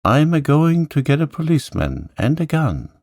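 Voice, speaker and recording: A man voicing a stubborn working-class manservant with rough country speech in a storybook. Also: fairly high pitch, very animated, normal speed, darkish tone, no echo, clean studio sound, voice pushed up, full character voice. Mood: grumbling. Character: gruff stubborn male servant, working class.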